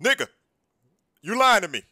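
A man playing a brash immigration officer, loud and swaggering, sometimes sing-song and sometimes muttering. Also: high-pitched, very animated, normal speed, no echo, clean studio sound. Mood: accusing. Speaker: skit creator. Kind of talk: comedy skit voice acting.

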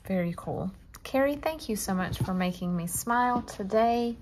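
A woman's voice: mid-range voice, lively intonation, normal speed, background noise. Gushing woman crafter. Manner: gushing, chatty, addresses viewers as y'all. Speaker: crafting vlogger. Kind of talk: casual show-and-tell chat.

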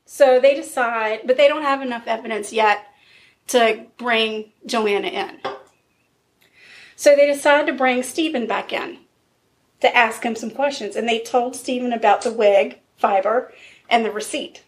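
A woman's voice: a little high, unhurried. A woman casually recounting a true crime case as a podcast co-host, acting out the quotes of the people involved. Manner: storyteller, acts out quotes with fillers.

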